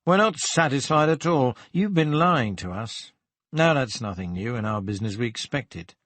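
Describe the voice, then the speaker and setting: A man's voice: on the low side, expressive, no room sound. A man reading a firm, level police inspector. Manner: level, firm, measured questioning. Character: calm, probing middle-aged police inspector.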